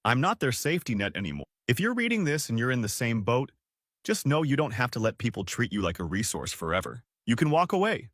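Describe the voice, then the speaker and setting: A man reading a first-person story aloud in a plain, steady storytelling tone. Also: mid-range voice, a little fast, no echo, studio quality. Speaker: narrator.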